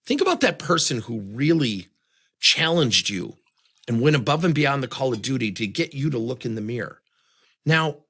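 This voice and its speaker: A man's voice: on the high side, sharp tone, husky. A man giving a motivational talk on communication, leaning on many rhetorical questions. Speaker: speaker on communication.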